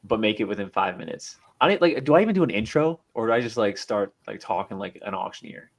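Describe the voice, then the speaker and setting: A man with a lowish voice, trading jokes on a casual sports podcast. He talks in an offhand, easygoing way, shrugging things off with a laugh. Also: expressive, fast, gravelly. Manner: joking and offhand. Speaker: podcast co-host. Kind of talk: casual chat.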